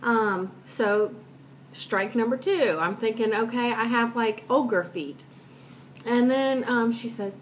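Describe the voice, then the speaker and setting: A woman's voice: on the high side, slow pace, a little hiss or hum. A woman vlogger chatting casually and telling a personal story in a rambling, self-deprecating way.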